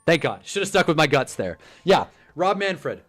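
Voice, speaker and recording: A young man hosting a casual football livestream, animated and rambling, joking as he reacts to chat. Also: fairly high pitch, faint music behind. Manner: animated, rambling, quick to joke.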